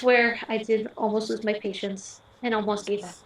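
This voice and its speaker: A young woman, a bride, reads her wedding vows in short, earnest phrases. Her voice sits a little high and is heard from a distance across an echoey ceremony room. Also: fairly even intonation, normal speed, few pauses.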